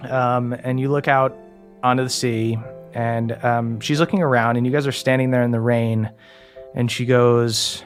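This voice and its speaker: A man running a tabletop game as its game master. His voice sits mid-pitched, and his narration is loose and relaxed, dotted with ums and uhs. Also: moderate pace, soft background music.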